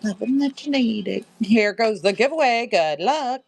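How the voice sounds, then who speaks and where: A woman's voice: fairly high pitch, expressive, measured pace, vocal fry, slight background noise. A woman hosting a casual live-stream sale from home. She is chatty, laughs a lot, and talks to both her viewers and her pet. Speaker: live-stream seller and host.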